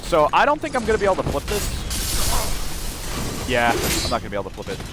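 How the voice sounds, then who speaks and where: A man talks off the cuff while he plays, rambling and breaking off his own sentences. His pitch jumps around a lot. A clear hiss of background noise sits under his voice. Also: wildly swooping pitch, normal speed. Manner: rambling, restarts often, self-interrupting. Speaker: gaming video creator. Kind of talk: unscripted gameplay rant.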